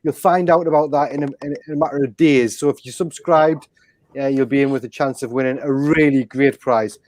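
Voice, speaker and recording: A man's voice: mid-range voice, a little fast, a little mellow, dry recording. A man hosting a fan live stream, chatty and joking, often restarting his sentences. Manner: chatty, jokey, stumbling restarts. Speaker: host. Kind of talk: casual live-stream chat.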